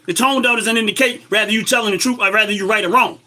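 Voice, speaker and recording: Very high-voiced, sharp-toned man ranting. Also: fairly even intonation, fast talker. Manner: emphatic, rhetorical, lecturing an audience. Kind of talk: impassioned political commentary.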